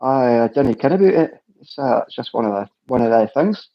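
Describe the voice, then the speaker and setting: A man's voice: medium pitch, expressive, fairly quick, dull audio. A man with a Birmingham accent hosting a casual live chat, jokey and playful, often repeating his words.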